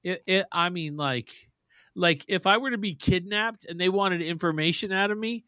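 A man's voice: high-pitched, moderate pace, sharp tone, dry recording, clean studio sound. A man co-hosting a casual chat, joking and self-deprecating, laughing often. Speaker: podcast co-host.

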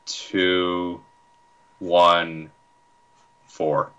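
A man's voice: low voice, flat delivery, drawn-out words, fairly bright tone, clear, resonant tone, highs cut off. A young man in his twenties co-hosting a casual chat, joking with crude humor. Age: 20s. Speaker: podcast co-host.

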